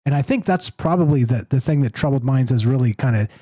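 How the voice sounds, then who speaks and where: A man hosting a call-in show, talking in an animated, emphatic way about ideas. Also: medium pitch, quick pace, dry recording. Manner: animated, emphatic, rising to exasperated. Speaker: show host. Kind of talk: casual call-in chat.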